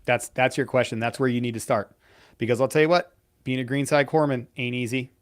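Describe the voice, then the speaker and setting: A man's voice: medium pitch, fairly even intonation, fairly quick. A man in his forties, a veteran pararescueman co-hosting a live stream, giving blunt, profane career advice in a casual storytelling way. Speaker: podcast co-host, veteran pararescueman.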